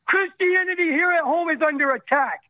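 A man's voice: very high-pitched, fairly quick, no room sound. A man calling in to a radio show, an army veteran, speaking intensely and pleading, his voice cracking with emotion. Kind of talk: impassioned call-in rant. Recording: tinny phone line.

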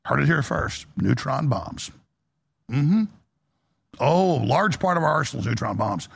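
Gravelly, husky male talk radio host. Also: mid-range voice, lively intonation, measured pace. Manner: rambling, emphatic, mocking quoted voices.

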